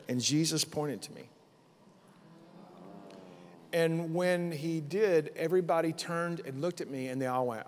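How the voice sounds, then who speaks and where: Animated middle-aged pastor in a big hall. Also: male voice, a little high, normal speed, long pauses. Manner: animated storytelling, acting out quotes. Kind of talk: conference sermon testimony. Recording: long hall reverb.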